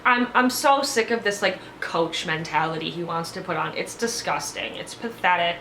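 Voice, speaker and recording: A woman's voice: fairly low pitch, expressive, moderate pace, a bit bright, slight background noise. A woman giving a casual, opinionated recap of a reality show, blunt and sarcastic, swearing freely. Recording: echoey room.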